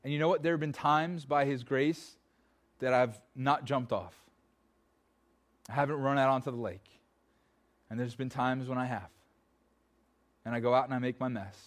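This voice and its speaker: A man preaching a sermon in church, talking casually and plainly to the congregation, with his voice sometimes dropping soft and pleading. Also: medium pitch, normal speed, pauses often. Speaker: pastor.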